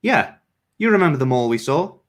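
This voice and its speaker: A young woman survivor in a read-aloud story, speaking urgently and quickly, as a man reads her out. Her voice sits only slightly above the reader's own. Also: a little high, sing-song, voice pushed up. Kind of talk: reading fiction aloud.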